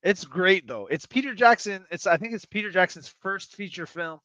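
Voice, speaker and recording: A man's voice: high-pitched, lively intonation, moderate pace, bright, forceful tone, no echo. A man co-hosting a podcast in casual chat, rambling and swearing freely with frequent laughs.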